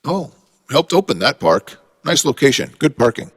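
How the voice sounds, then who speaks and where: A man's voice: medium pitch, very animated, normal speed, breathy edge, big-room sound, voice pushed up. A man doing a blunt, folksy park vet. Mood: reassuring. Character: gruff male park veterinarian, brusque and blunt.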